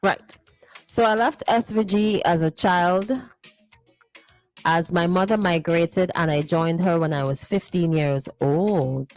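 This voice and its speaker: A woman's voice: on the low side, slow pace, soft background music. A woman hosting a morning radio show, playfully reading listener messages and teasing them. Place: radio studio.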